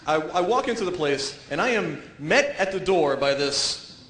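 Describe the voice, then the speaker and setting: A male comedian performs a stand-up set, his voice high, lively and bright. He jumps into silly character voices along the way. The sound is echoey, with faint noise behind it. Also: normal speed. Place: comedy stage before a live audience.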